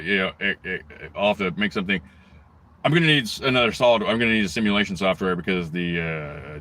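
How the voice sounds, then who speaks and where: Profane, forceful American man ranting. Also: medium pitch. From United States. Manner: profane, ranting, heavy swearing, rapid tangents. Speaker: livestream host. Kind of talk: rambling livestream rant.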